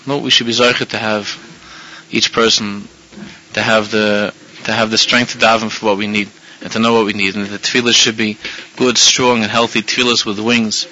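Speaking at a moderate pace in a fairly low voice, a rabbi preaches through lively stories and frequently starts his sentences over. It's captured in a muffled, lo-fi recording.

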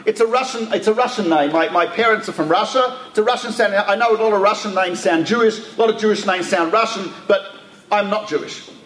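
A man's voice: high voice, brisk, a bit bright, a little hiss or hum. A man voicing a bewildered young college student, told within a story in an echoey room. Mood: flustered. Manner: flustered, defensive.

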